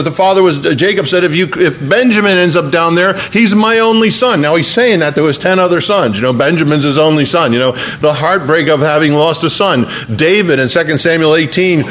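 A man's voice: a little high, a little fast, few pauses, fairly bright tone. A man pastor delivering a sermon to a congregation in church, telling a story and often repeating his words as he preaches.

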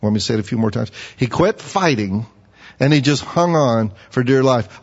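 Man, pastor, sermon, questioning listeners, animated, lo-fi, long reverb. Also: normal speed. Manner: animated, rising high when acting out pleading; asks the audience questions. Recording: dull, echoey hall.

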